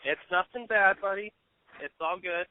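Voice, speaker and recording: Podcast co-host, male, thirties, casual and self-deprecating, slightly high voice, dry tinny phone-quality sound. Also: normal speed, smooth, dry recording. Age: 30s. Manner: laid-back, self-deprecating storytelling. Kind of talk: casual chat.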